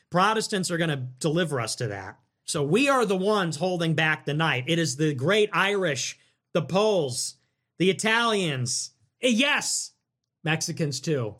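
Guy streaming from home, high bright voice, jokey and sarcastic, riffing on chat. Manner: animated, sarcastic, provocative, jokey. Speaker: livestream host reading donations. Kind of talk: casual livestream commentary.

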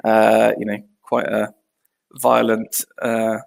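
Co-host man, flat delivery, searching for words as he comments. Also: lowish voice, creaky. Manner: rambling, halting, with many you-knows. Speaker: co-host reacting to a clip. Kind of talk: casual commentary.

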